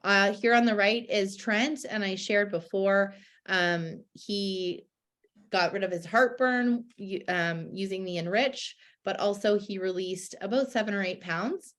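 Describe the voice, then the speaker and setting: A woman's voice: mid-range voice, a little slow, fairly bright tone. A woman hosting a casual live-stream chat, upbeat and chatty with many fillers. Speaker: host.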